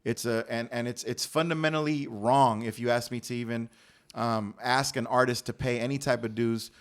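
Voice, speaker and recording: A man's voice: mid-range voice, fairly even intonation, normal speed. A man who is a stand-up comedian and podcast co-host, arguing his point in a casual debate with passionate, profane emphasis.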